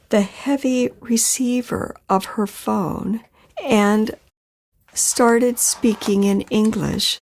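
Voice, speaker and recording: Slow, gravelly-voiced woman telling her story. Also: mid-range voice, a little mellow. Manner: slow, measured telling with pauses. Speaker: storyteller recounting her own experience. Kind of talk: personal storytelling in a podcast.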